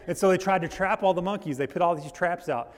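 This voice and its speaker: A man preaching a sermon as pastor, telling a story in a loose, halting way with frequent restarts. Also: high voice, in a large hall. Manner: storytelling with restarts and rising intensity. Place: church.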